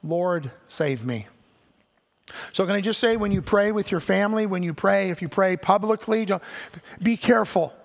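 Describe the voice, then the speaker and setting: A man's voice: high voice, brisk, creaky. An older man preaching a sermon, telling stories and acting out the voices of the people he quotes. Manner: animated storytelling, acts out quoted voices. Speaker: pastor. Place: church sanctuary. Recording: church hall with long reverb.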